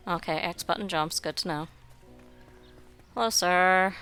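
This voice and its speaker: A woman's voice: fairly low pitch, unhurried, a bit bright, faint music behind. A young woman giving wry, sarcastic commentary while playing a building game. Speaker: game streamer. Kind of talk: gameplay commentary.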